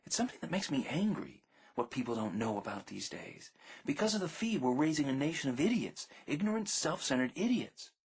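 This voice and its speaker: A man reading an audiobook, voicing an earnest, thoughtful teenage girl with a soft, gently lecturing manner. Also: mid-range voice, a little fast, husky, pitched above the performer's own voice. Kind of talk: audiobook character voice.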